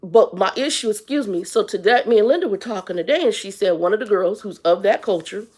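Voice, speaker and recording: A woman's voice: mid-range voice, lively intonation, a little fast, a little mellow. A blunt, exasperated woman in her fifties, ranting on a live stream as the channel's host. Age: 50s. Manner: blunt, exasperated, talks straight to viewers. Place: Arizona.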